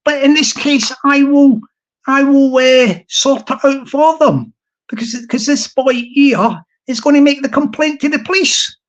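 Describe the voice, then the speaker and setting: Rambling man on a live stream. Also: very high voice. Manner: rambling and halting, with many fillers and restarts. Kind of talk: casual live-stream chat. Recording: dull lo-fi sound.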